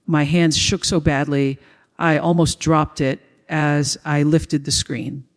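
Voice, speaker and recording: A man reading a first-person dramatic story as a storyteller, in a steady, even way. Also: a little high, slow pace. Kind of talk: scripted first-person narration.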